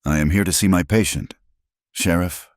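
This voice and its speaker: A man with a very low voice voicing an educated, unafraid woman doctor who speaks in a crisp, cutting way, in a dry recording. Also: moderate pace, no room sound, close to an everyday voice.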